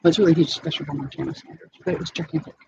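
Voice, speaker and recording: A woman's voice: low voice, fairly even intonation, very fast, warm tone. A middle-aged woman telling a long personal story in a rambling, digressive way, full of restarts and fillers. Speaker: vlogger. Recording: dull lo-fi sound with clear background noise.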